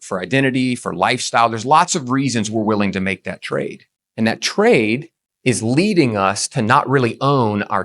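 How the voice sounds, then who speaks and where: Punchy rapid-fire male presenter. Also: fairly high pitch, fairly bright tone. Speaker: speaker on real estate tax strategy. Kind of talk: motivational presentation.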